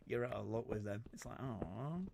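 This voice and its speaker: A man's voice: on the low side, moderate pace, vocal fry, noisy background. Rambling, stammering young man. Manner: rambling, stammering, jokey, swears casually. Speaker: streamer. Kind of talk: rambling livestream chat while gaming.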